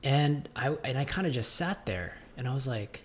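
Addressing his audience as "guys," a gym owner offers an unscripted, reflective monologue to his viewers. His mid-range voice is expressive but halting, as he keeps restarting and doubling words while thinking aloud.

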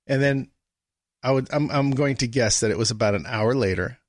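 A man appearing as a guest shares a story in an easygoing conversation, bringing the quoted people to life as he tells it. His medium-pitched voice keeps a moderate pace, captured in studio quality without echo.

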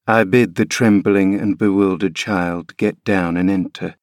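A man reading a classic novel aloud as scripted narration, measured and unhurried. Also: deep voice, fairly even intonation, a little mellow, no echo, studio quality. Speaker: audiobook reader.

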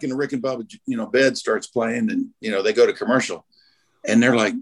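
A man's voice: medium pitch, brisk, breathy edge. A man casually telling a funny story among friends, acting out what people said. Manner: animated storyteller acting out quotes. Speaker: radio show regular telling a story.

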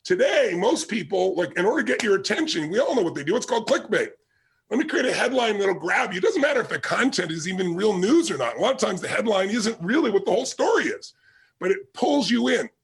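A man's voice: high-pitched, sing-song, fast. A man giving a motivational talk with personal stories, emphatic and driving, repeating his key points. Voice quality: gravelly, husky. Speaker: motivational speaker.

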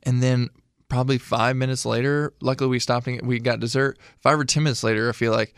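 A man's voice: mid-range voice, fairly even intonation, fast talker, smooth, no echo, clean studio sound. A man in his thirties from Illinois, a veteran telling a long story in an interview with a casual, rambling way of talking. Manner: casual, rambling storyteller with many fillers and restarts. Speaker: guest, veteran.

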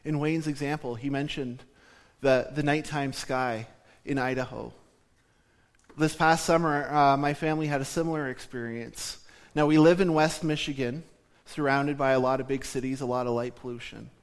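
A man from southern Ontario preaching a sermon, speaking in a measured teaching tone that slows down for emphasis. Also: mid-range voice, fairly even intonation.

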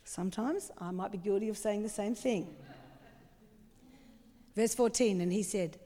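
A woman's voice: medium pitch, a little slow, warm tone, long reverb tail. A woman preaching a sermon with passion and strong emphasis.

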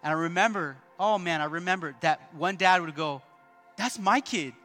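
A man's voice: on the high side, fairly quick, sharp tone, faint music behind. A male pastor preaching a sermon at a church service, emphatic, repeating key points and calling out to the congregation.

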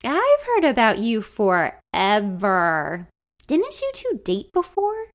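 A woman voicing a tipsy, excitable bride who talks loudly and overfamiliarly. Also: mid-range voice, unhurried. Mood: teasing. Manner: loud, gushing, overfamiliar.

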